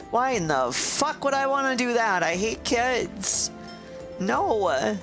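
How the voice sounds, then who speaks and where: A woman's voice: on the high side, big pitch swings, slow. A woman streamer giving casual, profane, sarcastic commentary while playing a game. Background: game music.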